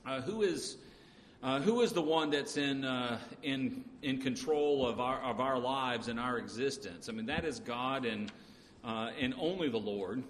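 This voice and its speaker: A man preaching a sermon, talking in a halting way with frequent pauses and restarts. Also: medium pitch. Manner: halting, many uh fillers and restarts. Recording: echoey hall with faint noise.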